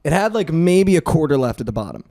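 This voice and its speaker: A young man with a somewhat high voice spins a long, rambling story about a night out. His talk is casual and loose. He stacks filler words everywhere. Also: big pitch swings, vocal fry. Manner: rambling, heavy use of "like", quick swings in loudness. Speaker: podcast host.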